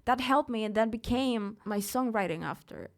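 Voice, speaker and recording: A woman's voice: on the high side, normal speed. A young woman from Mexico talks candidly in a live interview at a studio event. She speaks with emphasis and often restarts her words mid-thought. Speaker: singer being interviewed.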